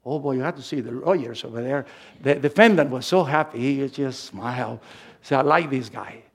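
A man preaching a sermon as pastor, swinging from quiet asides to loud, emphatic lines. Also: mid-range voice, moderate pace, breathy edge.

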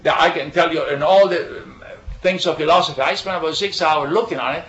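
A man giving an informal Bible talk full of anecdotes, halting with frequent fillers and restarts. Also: on the high side, fairly bright tone. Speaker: bible study speaker. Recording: echoey room, dull lo-fi sound.

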